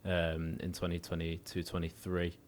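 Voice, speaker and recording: A man's voice: low-pitched, completely flat delivery, normal speed, slight background noise. A young adult man hosting a podcast, asking short questions and reacting to his guest. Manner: brief prompting questions and reactions. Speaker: podcast host. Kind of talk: interviewing.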